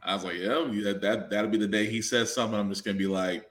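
Bright, lively young man in a roomy room. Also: lowish voice. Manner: jokey, laughing, quick asides. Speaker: podcast co-host. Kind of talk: casual chat.

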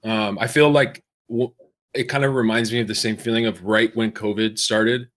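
A man in a casual chat, talking candidly and excitably, swearing casually. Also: fairly low pitch, moderate pace.

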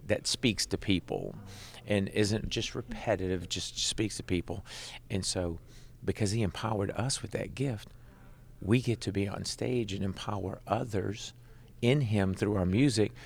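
A middle-aged man, a Christian rock musician, telling his personal testimony in an animated, conversational way. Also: on the low side, vocal fry, a little hiss or hum. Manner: animated, conversational, leans on "right?".

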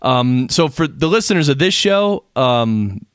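A man's voice: medium pitch, sing-song, measured pace, clean tone, no echo, clean studio sound. A male podcast host asking a casual question in an interview, hesitant and full of fillers while he works toward his point.

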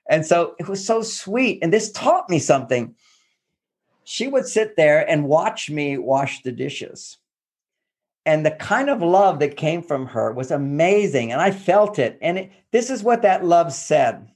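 A man giving relationship advice through lively personal anecdotes, acting out what people said. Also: on the high side, a little slow, husky. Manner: animated storyteller who acts out quotes. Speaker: guest relationship expert.

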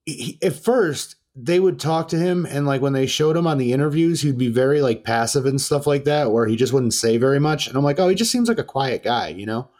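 A man's voice: mid-range voice, a little fast, hardly any pauses. Profane, rambling male podcast host. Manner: rambling, profane, animated storytelling. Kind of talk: casual chat.

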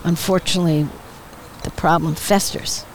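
An older woman, a retired politician, chatting as a guest in an interview on an outdoor patio, telling stories with animated quoted voices and frequent laughs. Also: on the low side, moderate pace, noisy background. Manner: lively storyteller, acts out quoted voices, laughs often. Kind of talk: casual interview chat.

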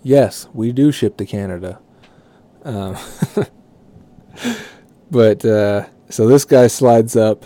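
A man's voice: mid-range voice, extremely slow, long pauses, mellow, no room sound. A man telling a profane work story casually, rambling and correcting himself as he goes. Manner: rambling, swearing, self-correcting.

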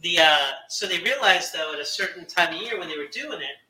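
Podcast guest: bright, animated man telling a story with asides and laughs, roomy sound. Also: high voice, fairly quick. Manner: laughs often, explains with asides. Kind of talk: casual podcast chat. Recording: roomy sound with faint noise.

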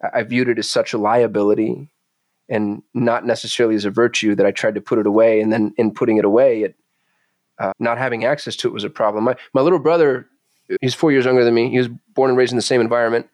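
A man's voice: medium pitch, quick pace. A man speaks candidly as a podcast guest, intense and confessional, swearing freely. His voice sits in a middle register, and the sound is dry and close with no room echo. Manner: intense, swearing, confessional, animated when retelling. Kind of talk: candid conversational storytelling. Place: Phoenix.

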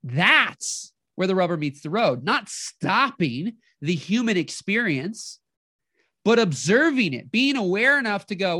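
Animated motivational podcast host. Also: medium pitch, unhurried, no echo, clean studio sound. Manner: animated, acts out inner voices, keeps asking "right?".

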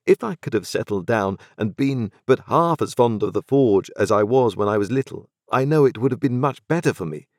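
A man's voice: medium pitch, lively intonation, normal speed, few pauses, a little mellow, no room sound, studio quality, pitched above the performer's own voice. A man voicing an earnest, restless young man in a storybook reading, pleading and impatient. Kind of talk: audiobook character reading.

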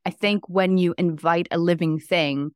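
A young adult woman co-hosting a podcast, talking in an animated, casual way with lots of filler words. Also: on the low side, normal speed, no echo, studio quality. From Iceland. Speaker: podcast co-host. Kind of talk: casual chat.

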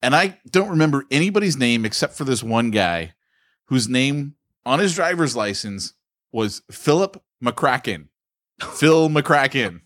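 A man with a mid-pitched voice co-hosts a podcast, trading wry jokes in casual banter. His delivery rises and falls with lively expression. The sound is dry, with no room echo. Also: a little slow. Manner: laughing, wry, jokey. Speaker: podcast co-host.

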